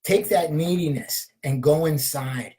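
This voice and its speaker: A man in his fifties speaks as a shamanic healer, posing searching questions again and again and answering them with a quiet "aho". His delivery sometimes sinks into a soft whisper and sometimes swells into passionate, emphatic affirmations. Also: fairly high pitch, measured pace, low-quality recording. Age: 50s. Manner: repeats probing questions, punctuates with "aho"; drops into soft whispers at times. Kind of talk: spiritual motivational talk.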